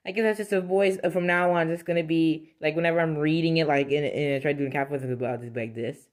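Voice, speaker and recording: A woman video creator chats casually to her viewers on camera, rambling, correcting herself, and laughing often. Her voice is low and brisk, with few pauses.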